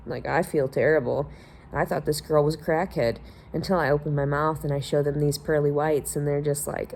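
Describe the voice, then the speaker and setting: A woman with a lowish, mellow voice hosts a podcast alone. She rants in a casual monologue, sarcastic and heavy on profanity, mocking the people she talks about. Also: steady tone, moderate pace, a little hiss or hum. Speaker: podcast host.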